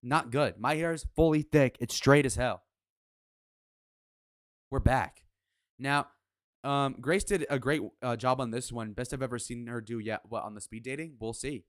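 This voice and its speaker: A man's voice: medium pitch, moderate pace, long pauses, no room sound, clean studio sound. A man hosting a live reaction stream, talking in a brash, crude, mocking way. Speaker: livestream reaction host. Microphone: headphones on, desk mic.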